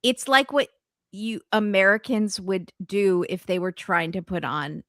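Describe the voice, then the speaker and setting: A woman's voice: mid-range voice, unhurried, fairly bright tone, dry recording, clean studio sound. A woman co-hosting a casual chat, throwing in wry, chatty asides. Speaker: podcast co-host.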